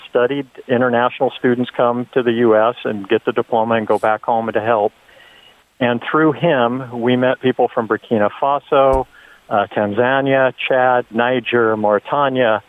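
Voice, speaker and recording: A middle-aged man calling in to a talk show, telling a story earnestly with many ums and uhs. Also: medium pitch. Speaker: caller. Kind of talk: phone-in story. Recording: tinny phone line.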